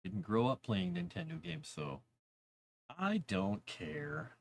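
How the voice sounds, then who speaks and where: A man's voice: lowish voice, huge pitch swings, slow pace, creaky. A man chatting casually on a live stream while writing fantasy lore, rambling, talking to his cat and reading chat aloud.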